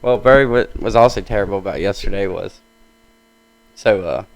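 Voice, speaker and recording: Gravelly young man, laid-back chat. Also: on the low side, moderate pace, poor audio. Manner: laid-back, slangy, says bro and dude. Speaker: podcast co-host. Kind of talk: casual chat.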